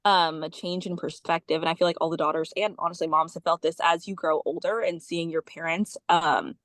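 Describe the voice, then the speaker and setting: A young woman, a daughter on a panel, speaking reflectively in casual talk with frequent pauses. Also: fairly low pitch, steady tone, a bit bright, dry recording.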